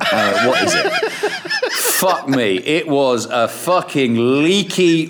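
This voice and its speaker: Irish man, middle-aged, radio veteran guest; chatty, anecdotal, restarts often, mid-pitched. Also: gravelly, fairly bright tone. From Ireland. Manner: rambling anecdotes with frequent restarts, laughs and swearing. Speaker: radio presenter, podcast guest. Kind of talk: casual storytelling interview.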